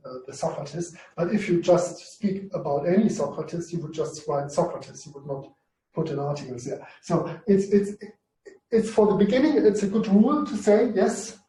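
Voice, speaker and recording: A Greek language teacher gives an informal online lesson in a hesitant way, full of fillers and restarts. His male voice is on the high side and mellow. He is recorded off-mic from a distance in an echoey room.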